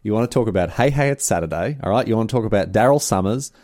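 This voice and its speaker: A man's voice: lowish voice, rapid-fire, dry recording, clean studio sound. An Australian man co-hosting a podcast, chatting casually in a slangy, rambling way and often breaking off mid-phrase. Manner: animated, slangy, rambling with self-interruptions. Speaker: podcast co-host. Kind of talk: casual chat.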